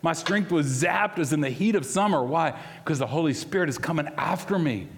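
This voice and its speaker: A man preaching a sermon, telling a personal story in a conversational way that swings between loud outbursts and hushed moments. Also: a little high, animated, a little fast, hardly any pauses, big-room sound. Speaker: pastor.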